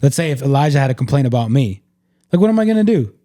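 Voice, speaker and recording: A man's voice: medium pitch, sing-song, very fast, warm tone, no room sound, clean studio sound. A man hosting a casual faith-based podcast chat, talking in an earnest, reflective way and leaning on lots of "like" fillers. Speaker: podcast host.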